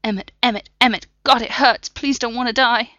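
A woman's voice: on the high side, steady tone, a little fast, bright, forceful tone, dry recording, highs cut off, pitched above the performer's own voice. A woman voicing a poisoned man pleading in panic. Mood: panicked pleading. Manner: desperate pleading cries. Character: dying male henchman, poisoned and panicking.

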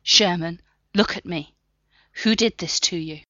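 A woman's voice: fairly low pitch, unhurried, sharp tone, no echo, highs cut off. A woman voicing an urgent female agent. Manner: urgent, pressing questions.

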